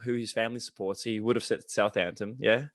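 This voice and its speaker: Australian man telling animated stories. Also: fairly low pitch, a little fast, no room sound. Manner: animated storytelling with lots of swearing. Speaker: podcast host. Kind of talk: casual chat.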